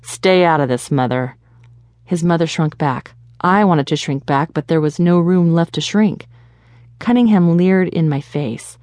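A woman reading a first-person audiobook in a steady, measured storytelling manner. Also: fairly low pitch, no room sound. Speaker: audiobook narrator.

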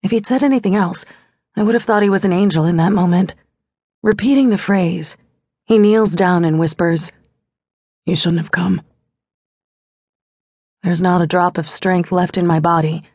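A woman reads a first-person romance audiobook with a wry, intimate touch. Her voice sits a little low and comes through breathy and husky. The close studio mic leaves it completely dry. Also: moderate pace, darkish tone, dry recording. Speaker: audiobook narrator. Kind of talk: first-person scripted narration.

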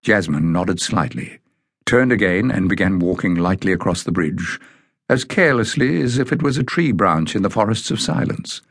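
A man narrating a children's fantasy audiobook in a measured, deliberate way. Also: low voice, lively intonation, breathy edge, dry recording, studio quality. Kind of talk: scripted narration of a children's novel.

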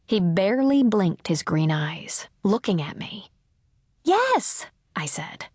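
A woman reading a first-person audiobook in a calm, measured storytelling voice on a close mic. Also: lowish voice, breathy edge, no echo. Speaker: audiobook narrator.

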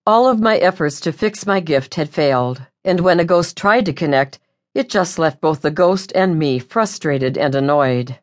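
A woman narrating a first-person audiobook in a wry, lively way. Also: deep voice, moderate pace.

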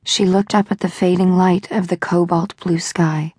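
A woman reading a children's novel aloud in a calm storytelling manner. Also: fairly low pitch, moderate pace, breathy edge, no room sound. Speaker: audiobook narrator. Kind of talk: scripted narration. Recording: dry close studio sound.

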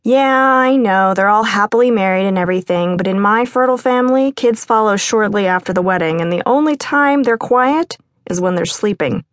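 A woman narrator voicing a lively grown woman from a busy Greek family, brisk and teasing, in an audiobook. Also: medium pitch, dry recording, clean studio sound, natural voice. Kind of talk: audiobook character voice.

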